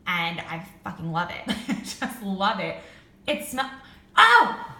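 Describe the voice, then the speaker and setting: A young woman chats through a candle haul in an excitable, gushing way, tossing in filler words as she goes. Her voice is bright and forward. The room around her rings with noticeable echo. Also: fairly low pitch, measured pace. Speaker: beauty and candle vlogger. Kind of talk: casual product review.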